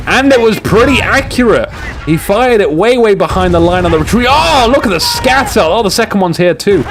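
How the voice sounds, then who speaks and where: A man shoutcasting a strategy game, excitable and jokey, with rambling asides to his viewers. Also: a little high, noisy background. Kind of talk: live game commentary.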